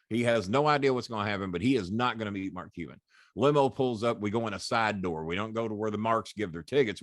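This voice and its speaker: A middle-aged man, guesting on an interview and telling animated, profane, boastful anecdotes. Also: on the low side, no room sound, clean studio sound. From Louisville, Kentucky. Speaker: guest, former wrestling manager. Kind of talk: casual storytelling interview.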